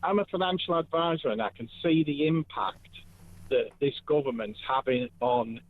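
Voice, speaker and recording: A man's voice: mid-range voice, normal speed, no room sound. A man calling in to a radio phone-in, talking earnestly and emphatically as he builds his case. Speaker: caller. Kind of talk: phone-in call. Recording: tinny dry phone line.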